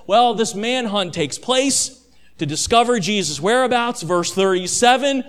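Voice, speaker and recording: A male pastor preaching a dramatic sermon, calling his listeners family and swinging between hushed and loud passages. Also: high voice, expressive, measured pace, clean tone.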